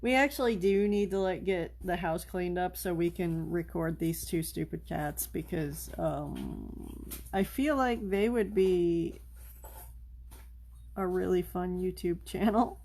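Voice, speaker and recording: A woman's voice: lowish voice, very animated, slow pace, gravelly, a little mellow, a little hiss or hum. A woman chatting casually on a live stream while she paints at home, rambling and coaxing her cats over.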